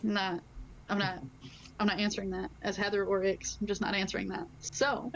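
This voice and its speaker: A woman's voice: mid-range voice, little pitch movement, normal speed, vocal fry, fairly bright tone, poor audio. Woman gamer chatting at the table, laughs a lot, bit of hiss behind. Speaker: player. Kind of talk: casual tabletop game chat. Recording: faint background noise.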